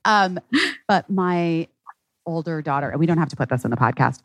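A woman with a very low voice co-hosts a casual podcast. She chats emotionally about her life. The mic is close and dry. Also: moderate pace, dry recording. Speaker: podcast co-host.

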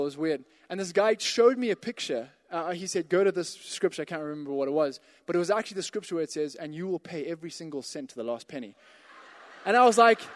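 A pastor telling a personal story in a sermon, rising to emphatic calls to the congregation. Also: male voice, high voice, big-room sound. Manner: storytelling, builds to emphatic exhortations.

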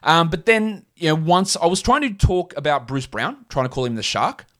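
A man's voice: a little high, animated, moderate pace, fairly bright tone. Rambling Australian man on a podcast. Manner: rambling, jokey, thinks aloud with many fillers. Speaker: podcast host. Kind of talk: casual solo podcast chat.

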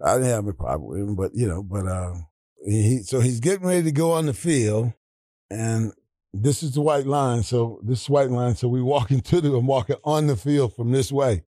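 An older man tells stories in an animated, profane way, breaking into laughter as he acts out quotes. His voice sits at a middling pitch and is recorded dry and close, with no room sound around it. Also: moderate pace, no echo. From Atlanta, Georgia, US. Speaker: guest, retired football player. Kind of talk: casual storytelling.

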